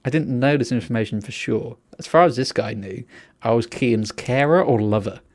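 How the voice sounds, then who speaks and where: Young bloke telling a funny story, lots of laughs and voices. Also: male voice, medium pitch, moderate pace. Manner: animated storyteller, acts out quotes, laughs a lot. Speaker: podcast co-host. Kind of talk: casual storytelling chat.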